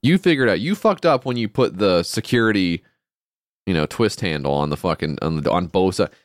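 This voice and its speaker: This podcast co-host has a low-pitched, animated voice and a brisk delivery. He's ranting in exasperation during a casual chat, with plenty of swearing. The sound is clean studio audio without echo.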